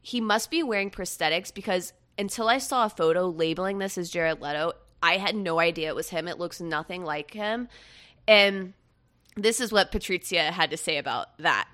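Bright-voiced chatty young woman host. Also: lowish voice, moderate pace. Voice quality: bright, chatty, laughs often. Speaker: podcast host. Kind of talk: casual pop-culture chat.

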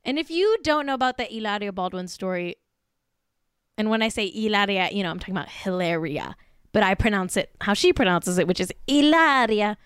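A woman's voice: medium pitch, a little fast, clean tone, dry recording, studio quality. A woman co-hosting a podcast, chatting casually about celebrity gossip, swearing often and saying "like" constantly. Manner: chatty, swears, heavy use of "like". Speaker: podcast co-host.

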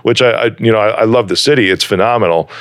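A young American man from Chicago with a smooth, neutral accent and a fairly low voice. He hosts a loose, animated conversation, dropping "dude" and "man" often. The recording is dry and close, with no room sound. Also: fast talker, dry recording. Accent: neutral American, trained out of Chicago speech. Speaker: podcast host. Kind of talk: casual interview chat.

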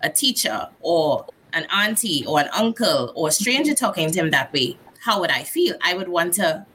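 A woman in her thirties with a Trinidadian accent, talking in a candid, reflective, animated way as a guest in a casual conversation. Her voice sits a little low and sounds bright and forceful. A faint hiss of background noise runs beneath her. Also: normal speed, poor audio. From Trinidad and Tobago.

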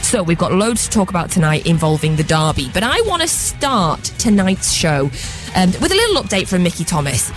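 A bubbly woman hosts a sports talk show from the studio, her voice swinging widely up and down as she teases her guests. Faint music sits low behind her. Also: sing-song, brisk. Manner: bubbly, teasing, laughs often. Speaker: radio show host.

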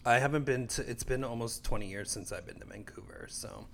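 A man from Canada co-hosting a tennis podcast in casual chat, relaxed and joking, laughing often. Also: medium pitch, fairly quick, gravelly, slight background noise. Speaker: podcast co-host.

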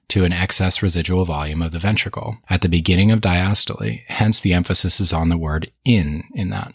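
Deep husky guy teaching cardiology on a podcast, dry close sound. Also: no room sound. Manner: poses questions then answers them, measured explanatory. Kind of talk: scripted teaching narration.

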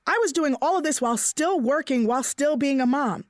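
High-voiced woman telling a lively story. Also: brisk, dry recording, studio quality. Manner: animated, acts out quoted voices. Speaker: guest sharing a personal story. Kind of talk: casual storytelling chat.

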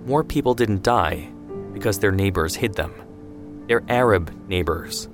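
Patient older brother, mild and measured, as a male narrator plays him. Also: lowish voice, music in the background, close to an everyday voice. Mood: calm.

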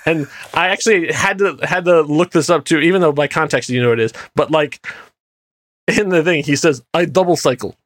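A man co-hosting a casual movie commentary chat, animated and laughing often, with lots of fillers. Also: fairly high pitch, moderate pace. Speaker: podcast co-host.

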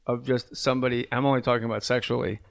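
A man's voice: medium pitch, level tone, quick pace, creaky. A comedian from New Jersey, a man, chatting on a podcast in a rambling, crude and frank way. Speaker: comedian guest. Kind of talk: casual podcast chat.

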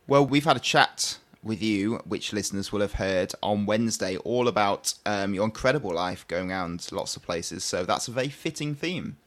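A man co-hosting a podcast in casual chat, jokey and quick to laugh. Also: lowish voice, lively intonation. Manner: jokey, laughs easily, teasing. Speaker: podcast co-host.

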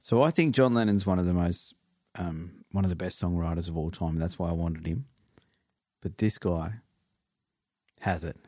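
A man with a low, deep voice, chatting as a podcast guest. He talks in a relaxed, thoughtful way. The sound is dry and close. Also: moderate pace, long pauses, no room sound. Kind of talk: casual chat.

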